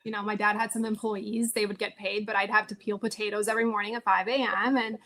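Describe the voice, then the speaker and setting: A woman's voice: medium pitch, fast. A woman in her thirties, a founder and CEO, telling her life story as a podcast guest and acting out family conversations. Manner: animated, acts out family dialogue. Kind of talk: storytelling interview.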